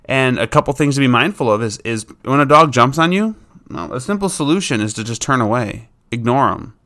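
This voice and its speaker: A man in the role of a dog trainer talks through problem behaviors in a relaxed, conversational manner. His voice sits at an ordinary middle pitch. He is plain-spoken and informal, and now and then he voices what a dog might be thinking. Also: fairly quick. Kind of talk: casual instructional talk.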